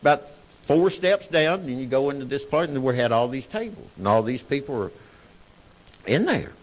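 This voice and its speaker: A man with a drawl speaks his testimony with wild swings in pitch, dropping nearly to a whisper and then climbing into hollering. The recording sounds muffled and lo-fi. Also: animated, normal speed. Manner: Southern-style storytelling, emotional swings from hushed to shouting. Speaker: speaker sharing recovery story. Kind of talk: personal testimony talk.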